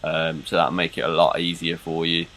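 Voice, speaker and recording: Low-voiced man with a cold. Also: normal speed, poor audio. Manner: self-described monotone, relaxed. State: getting over a cold. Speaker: gaming YouTuber. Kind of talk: game tutorial commentary. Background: background music.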